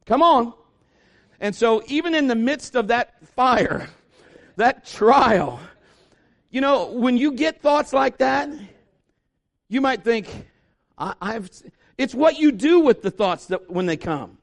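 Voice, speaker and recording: A middle-aged pastor preaches in a high, light voice, spinning a folksy, humorous story. He slips into quick impressions of the people he quotes and then eases back into plain sermon talk. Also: lively intonation.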